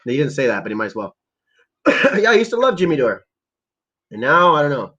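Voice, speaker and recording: A man's voice: fairly high pitch, sing-song, fairly quick, pushed and bright, breathy edge. A man from Canada ranting casually and profanely to his live chat as a stream host, rambling and heated. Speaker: livestream host.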